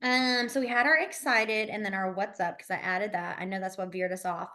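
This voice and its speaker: A young woman teaching a beginner sign language class, chatty and quick to laugh, with lots of fillers. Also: medium pitch, steady tone, pushed and bright. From Alabama. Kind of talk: casual classroom instruction.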